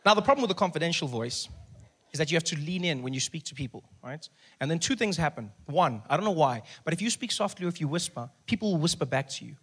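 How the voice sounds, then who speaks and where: A man telling a stand-up comedy story, acting out other people in hushed and loud voices. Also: a little high, quick pace, breathy edge. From South Africa. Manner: animated, acts out characters in hushed and loud voices.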